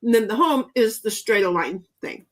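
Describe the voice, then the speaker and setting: A woman's voice: fairly high pitch, animated, normal speed. A woman hosting a casual livestream, chatting and reading viewer comments aloud while playing a board game. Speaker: livestream host.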